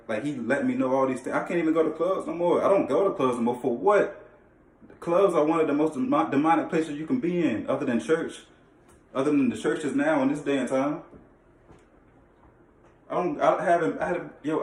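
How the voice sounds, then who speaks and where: A young man telling a personal faith testimony in casual, slangy talk, emphatic and full of repeated phrases and restarts. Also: medium pitch. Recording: echoey room, mic at a distance.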